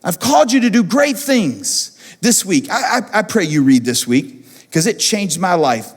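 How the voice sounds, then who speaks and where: A man preaching as pastor, animated and repeating phrases for emphasis, in a church auditorium. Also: high-pitched, unhurried, slightly rough. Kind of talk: sermon. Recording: long church hall reverb.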